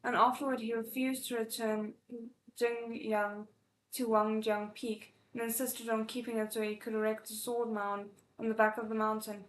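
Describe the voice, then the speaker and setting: A woman reading a novel aloud live, expressive, with emotional asides between passages. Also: fairly high pitch, normal speed. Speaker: audiobook reader. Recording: echoey room.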